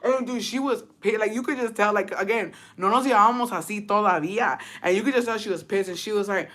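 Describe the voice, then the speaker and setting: Telling a story to her live chat, a Texas streamer speaks in a medium, fairly bright voice. Her talk is profane, mixes in Spanish, and is punctuated by brief laughs.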